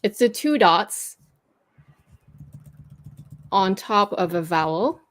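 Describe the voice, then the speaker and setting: A woman's voice: mid-range voice, lively intonation, slow pace, a bit bright. A woman hosting a livestream, patiently explaining pronunciation rules step by step and laughing easily. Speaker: host teaching pronunciation.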